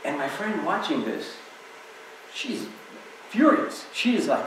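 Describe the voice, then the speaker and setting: A man gives a reflective spiritual talk in a temple hall, weaving stories into it in an easy, conversational way. His voice sits a little high, and it reaches the microphone from some distance. The hall adds heavy echo and a faint hiss. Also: very animated, normal speed, fairly bright tone. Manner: conversational storytelling.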